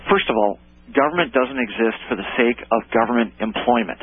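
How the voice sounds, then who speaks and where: A man appearing as a policy analyst guest on talk radio, explaining points in a measured, articulate way. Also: mid-range voice, a little hiss or hum. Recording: tinny phone-like line, dry.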